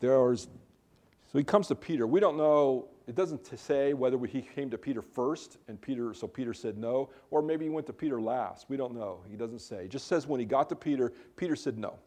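Man, pastor, casual sermon, warm relaxed tone, conversational, self-correcting. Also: medium pitch, fairly quick. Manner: conversational, with self-interrupting restarts. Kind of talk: casual sermon, Bible teaching.

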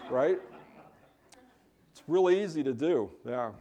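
Mellow-voiced man teaching a casual sermon. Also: mid-range voice, animated, slow, pauses often. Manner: conversational, with self-interrupting restarts. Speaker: pastor.

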